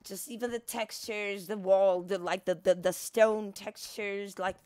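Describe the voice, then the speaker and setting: A woman's voice: mid-range voice, fairly even intonation, a little slow, darkish tone. A woman giving casual, chatty gameplay commentary, talking to the on-screen character and swearing freely. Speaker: gaming streamer.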